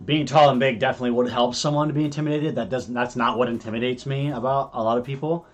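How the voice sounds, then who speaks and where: A man's voice: medium pitch, fairly even intonation, quick pace, faint music behind. A young American man co-hosting a casual live stream, who rambles, restarts his sentences and swears freely. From United States. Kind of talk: casual chat.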